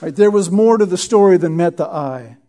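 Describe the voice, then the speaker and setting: An expressive pastor with a high-pitched, warm voice preaches an expository sermon, teaching verse by verse. He often breaks off to ask "Right?" and repeats words for emphasis.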